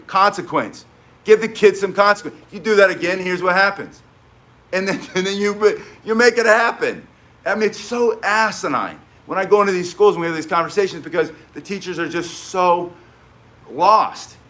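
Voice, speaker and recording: A man teaching self-defense in a casual spoken way, blunt and emphatic as he tells stories. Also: high voice. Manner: emphatic, blunt, animated storyteller.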